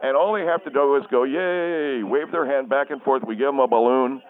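A man's voice: medium pitch, brisk, lightly acted. A man voicing a defensive middle-aged husband who keeps explaining himself. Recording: tinny phone line.

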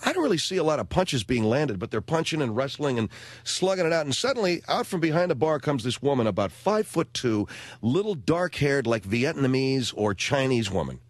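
A middle-aged American man hosting a talk radio show, telling stories in a wry, animated way. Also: mid-range voice, brisk, no echo. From United States.

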